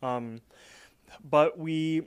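A man's voice: on the high side, drawn-out words, smooth, no echo. Laid-back man, dry close sound. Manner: laid-back, laughs easily, hesitant restarts. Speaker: podcast co-host. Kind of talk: casual chat and episode recap.

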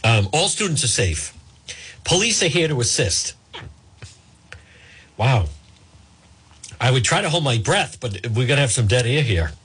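A man's voice: medium pitch, very animated, measured pace, long pauses, fairly bright tone, slightly rough. A male radio host, chatting live on air while fighting hiccups and apologizing with self-mocking humor. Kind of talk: live talk radio, casual.

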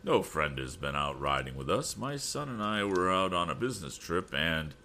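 A man voicing a proud, puzzled middle-aged banker who speaks formally and haltingly. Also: sits low, sing-song, bright, forceful tone, a little hiss or hum, exaggerated voice. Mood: stiff.

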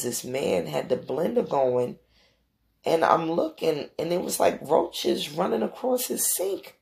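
A middle-aged woman hosting a podcast, telling a story in a casual, animated, profane way and acting out quotes. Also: vocal fry. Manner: animated, profane, acts out quotes with big pitch jumps. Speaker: podcast host.

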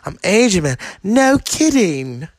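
A man putting on the voice of an aging male soul singer, with a high, strained, pleading drawl. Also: sing-song, slow pace, dry recording, exaggerated voice.

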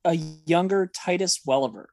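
A man co-hosting a podcast in relaxed, casual chat, easygoing and often chuckling. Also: high voice, normal speed. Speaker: podcast co-host.

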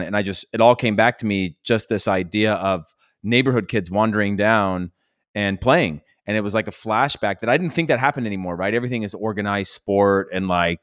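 A man's voice: fairly low pitch, a bit bright, smooth, dry recording, clean studio sound. A man telling rambling, nostalgic stories in a casual podcast chat. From California.

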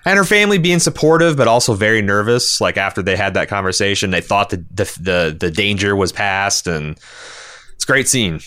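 A man co-hosting a casual TV recap podcast, rambling and animated. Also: on the low side, a little fast, clear, resonant tone, no echo, studio quality. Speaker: podcast co-host.

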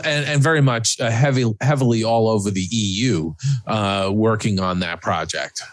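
Podcast host, male, halting questioner; dead-dry sound. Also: on the low side, no room sound. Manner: stammering restarts when asking questions. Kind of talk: conversational interview.

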